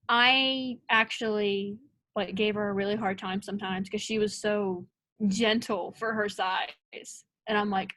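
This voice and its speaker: This young college soccer player brings her interview stories to life by acting out the lines she quotes. Her voice is medium in pitch, and there's no echo.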